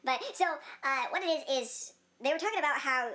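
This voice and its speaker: High-voiced young woman chatting. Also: a little fast, pushed and bright, a little hiss or hum. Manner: laughs often, rambling with many fillers. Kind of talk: casual chat.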